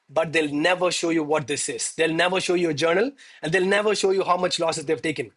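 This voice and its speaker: Husky, higher-voiced man preaching trading discipline. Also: fairly quick, hardly any pauses, fairly bright tone. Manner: emphatic, preachy, repeats "okay" and "man"; emotional, admits getting worked up. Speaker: live-streaming gold trader. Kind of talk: live trading stream talk.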